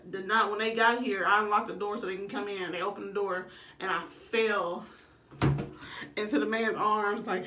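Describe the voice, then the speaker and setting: A young woman vlogger tells her labor story to camera, blunt and casual and swearing freely. Her mid-range voice has a sharp tone, and she's recorded a bit far from the mic in an echoey room.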